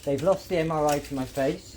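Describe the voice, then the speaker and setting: A man's voice: a little high, a little fast, darkish tone. A man arguing heatedly as a patient, pleading and swearing in a real-life conversation. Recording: noisy handheld audio log.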